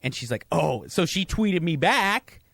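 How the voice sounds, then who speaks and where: A middle-aged man chatting as a podcast guest, telling stories in a halting, self-deprecating way with many restarts. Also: on the high side, animated, gravelly, fairly bright tone, no room sound, studio quality. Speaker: guest, radio host. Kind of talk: casual podcast chat. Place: studio.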